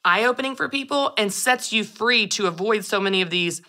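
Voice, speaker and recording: A woman's voice: mid-range voice, moderate pace, bright, forceful tone. A woman host in casual interview chat, upbeat and laughing often. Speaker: podcast host.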